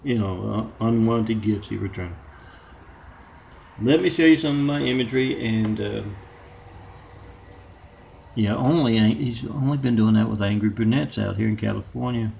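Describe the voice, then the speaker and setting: A man talking in a rambling monologue of his own, halting and meandering with many filler pauses. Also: lowish voice, creaky, a little mellow, a little hiss or hum. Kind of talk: rambling self-made monologue.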